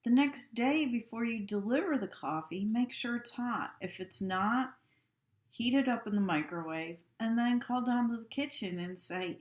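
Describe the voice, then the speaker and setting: A woman giving a calm, instructive training talk to staff and repeating her key points. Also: a little high, moderate pace. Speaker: healthcare trainer. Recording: echoey room.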